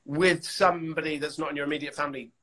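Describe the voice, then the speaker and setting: A man with a husky voice, chatting casually on a live stream, rambling and joking and often breaking off mid-sentence. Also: a little high, fairly even intonation, fast talker, pushed and bright, low-quality recording. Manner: rambling, self-interrupting and jokey. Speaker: actor and live stream co-host.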